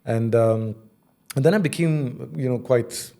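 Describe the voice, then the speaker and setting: A man's voice: mid-range voice, unhurried, vocal fry. A man in his forties, a voice actor and creative director, telling stories animatedly in a casual interview, often laughing. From Egypt. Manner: animated storyteller, slips into mock accents and laughs.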